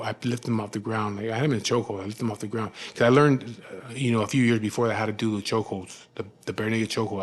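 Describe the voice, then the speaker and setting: A man frankly telling the story of his own past, in rough, profane speech full of "you know what I mean". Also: fairly low pitch. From California. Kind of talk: candid personal storytelling.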